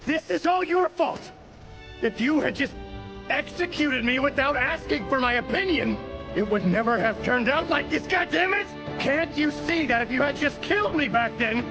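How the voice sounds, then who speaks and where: A man voicing an embittered, violent young male criminal in an anime dub, shouting in anguish and defiance. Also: high voice, lively intonation, unhurried, lo-fi sound, music in the background. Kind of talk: English anime dub acting.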